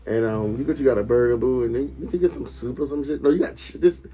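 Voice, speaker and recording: A man talks casually and profanely, often laughing and slipping into quoted voices as he retells a night out. His pitch sits mid-range for a man. Music plays clearly underneath. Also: fast, warm tone. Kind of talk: casual chat.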